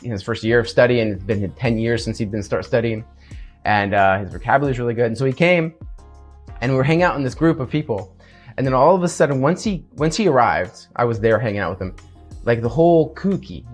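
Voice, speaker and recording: A man, a podcast guest telling a story in a lively, casual way, acting out other people in a high voice and laughing often. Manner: animated, acts out quotes in a high voice.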